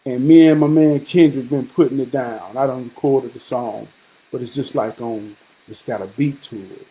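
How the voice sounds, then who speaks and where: A man's voice: medium pitch, normal speed, dark tone, slight background noise. A man casually telling a story to his viewers in a rambling, repetitive and profane way, slipping into preachy advice. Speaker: vlogger.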